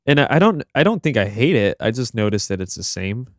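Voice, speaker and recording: A young man co-hosting a podcast, chatting casually with halting restarts and swearing. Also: medium pitch, very animated, no echo, studio quality. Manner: rambling, profane, halting restarts. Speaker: podcast co-host. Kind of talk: casual chat.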